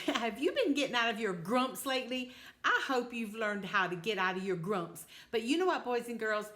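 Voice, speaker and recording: An older woman telling a children's story, animated and sing-song, talking straight to the kids. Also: on the high side, moderate pace.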